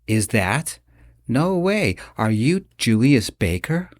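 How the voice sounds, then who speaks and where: A man voicing an excitable young casino dealer who rattles on eagerly in an audiobook. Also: fairly low pitch, measured pace, dry recording, clean studio sound. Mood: excited. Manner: excited, chatty.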